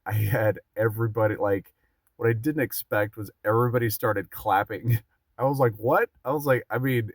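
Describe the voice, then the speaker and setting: A man's voice: sits low, no room sound. A man vlogging casually, telling a rambling story full of fillers and restarts.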